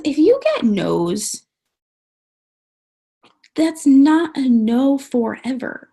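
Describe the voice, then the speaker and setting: A woman's voice: a little high, gravelly, darkish tone, husky. A woman coaching her network marketing team over a live stream, upbeat and emphatic, often saying "like" and "guys".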